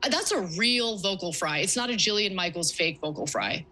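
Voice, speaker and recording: A woman's voice: mid-range voice, lively intonation, a little fast, bright, forceful tone, poor audio. A woman hosting a news commentary, reading report excerpts aloud with emphatic, sarcastic asides. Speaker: political commentator.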